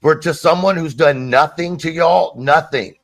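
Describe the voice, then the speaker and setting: A man's voice: fairly high pitch, normal speed, no echo, faint music behind. Man, heated and defensive, talking over himself in a dry, close recording. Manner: agitated, defensive, repeating himself. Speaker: streamer in a played clip. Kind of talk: heated live-stream argument.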